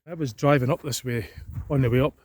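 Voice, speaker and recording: A man's voice: mid-range voice, a little fast, a little mellow, no room sound. A Scottish man vlogging outdoors by a reservoir on a cold day, rambling and thinking aloud with plenty of fillers. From Scotland. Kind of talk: casual walking vlog. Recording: outdoor camera audio with background noise.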